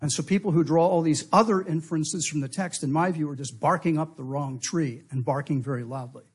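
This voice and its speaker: A man giving a talk, explaining in a measured, emphatic way and repeating key phrases for weight. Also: fairly high pitch, husky. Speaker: speaker at a talk. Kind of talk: lecture-style explanation.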